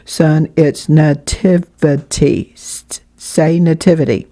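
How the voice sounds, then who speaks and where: A patient country mother, read by a woman narrator, with a soft, mellow tone. She coaxes and guides gently. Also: lowish voice, normal speed, close to an everyday voice. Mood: gentle. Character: patient mother running a farm produce stand.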